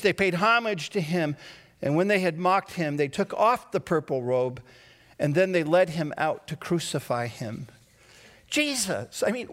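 A man preaching a sermon, swinging between a hushed voice and raised, dramatic outbursts. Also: on the high side. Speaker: pastor.

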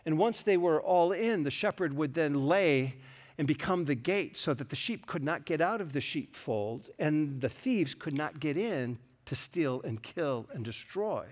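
A man's voice: fairly high pitch, animated, a little slow. A middle-aged man preaching a sermon, earnest and storytelling, with touches of self-deprecating humor. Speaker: pastor.

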